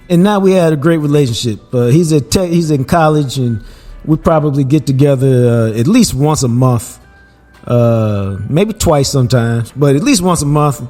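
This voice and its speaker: A man, hosting a podcast and telling a family story in a relaxed, casual way, laughing as he goes. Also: fairly high pitch, moderate pace, soft background music. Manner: laid-back, laughs while telling stories. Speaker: podcast host.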